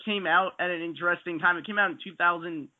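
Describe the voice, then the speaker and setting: A man's voice: high voice, fairly even intonation, quick pace. A man making thoughtful, analytical points in a casual movie discussion. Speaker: podcast panelist. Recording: tinny phone-like lo-fi sound.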